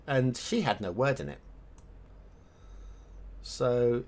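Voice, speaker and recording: This man's mid-range voice is sing-song, slow, and creaky, with a darkish tone, frequent pauses, and slight background noise. Chatting casually on a live game stream while he makes a map, he rambles between topics and hums and mutters to himself as he works.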